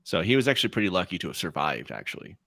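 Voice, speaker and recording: A man's voice: low-pitched, racing, creaky, no echo, studio quality. A man co-hosting a podcast in casual chat, telling anecdotes with enthusiasm. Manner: lively storytelling, enthusiastic. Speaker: podcast co-host.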